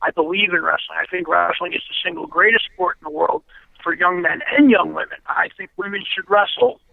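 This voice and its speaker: A high-pitched, gravelly man tells his story bluntly, swearing and pressing each point as an interview guest. The sound comes through a thin, tinny phone line, dry with no room echo. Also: fairly even intonation, a little fast. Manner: blunt, profane, emphatic storyteller. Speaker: interview guest, former pro wrestler.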